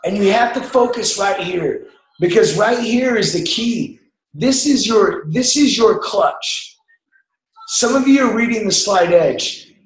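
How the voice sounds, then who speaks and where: A man's voice: high-pitched, measured pace. A man giving an emphatic motivational talk to a group, coaching them to drop doubt. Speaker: motivational speaker. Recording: echoey room.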